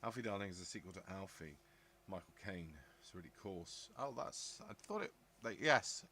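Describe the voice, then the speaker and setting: Lowish-voiced bright man, rambling live chat. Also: animated, moderate pace, slight background noise. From southern England. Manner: rambling, muses aloud, answers chat comments. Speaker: live stream host reading chat. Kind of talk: casual live-chat talk.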